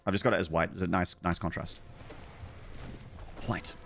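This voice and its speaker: A man's voice: deep voice, steady tone, moderate pace, vocal fry, fairly bright tone. An Australian man streaming a game, chatting casually with viewers in a rambling, self-mocking way. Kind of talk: casual chat while gaming.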